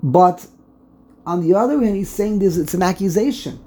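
A woman teaching a text study lesson, reading slowly, often restarting and then stressing points with emphasis. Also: medium pitch, warm tone.

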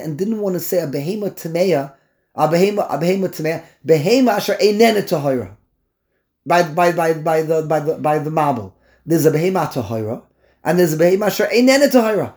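A man's voice: on the high side, lively intonation, fast, a little mellow. A man teaching a Torah class in English, mixing in Hebrew and Yiddish terms, with stammering restarts and incredulous outbursts.

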